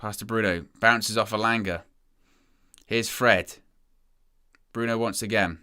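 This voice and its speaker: A young man giving excitable, chatty live commentary as a fan following a football match. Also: on the low side, unhurried, clean tone. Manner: excitable, chatty play-by-play with asides.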